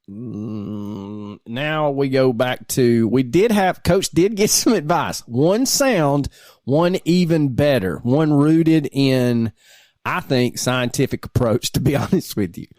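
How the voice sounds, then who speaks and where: A married man co-hosting a laid-back podcast, talking in loose, rambling bursts with a laugh slipping into his sentences. His voice sits at an ordinary pitch, and the recording is close and dry, with no room sound. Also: darkish tone, no room sound. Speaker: podcast co-host. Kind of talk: casual podcast banter.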